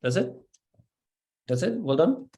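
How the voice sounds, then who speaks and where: A man with a Danish accent, a native Danish speaker, teaching pronunciation one-on-one, patient and encouraging as he slowly demonstrates each sound. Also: on the high side, big pitch swings, dark tone. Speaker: language teacher.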